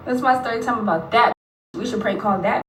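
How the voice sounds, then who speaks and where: A woman's voice: a little high, far from the mic, slight background noise. A woman talking casually on a livestream, telling a story in a blunt, profane, gossiping way. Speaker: livestreaming rapper. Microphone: phone on a livestream. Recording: echoey room, phone held away.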